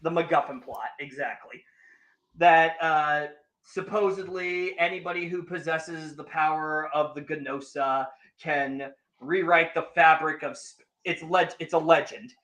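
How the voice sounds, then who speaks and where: High-voiced man animatedly retelling an anime. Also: measured pace. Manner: animated retelling, acts out characters' lines. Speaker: podcast host. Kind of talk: casual anime review chat.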